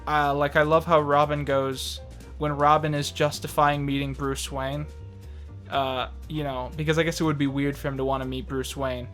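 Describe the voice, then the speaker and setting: A man's voice: fairly high pitch, flat delivery, normal speed, a bit bright, soft background music. A young man chatting casually as a movie review co-host, rambling with lots of fillers and restarts and laughing often.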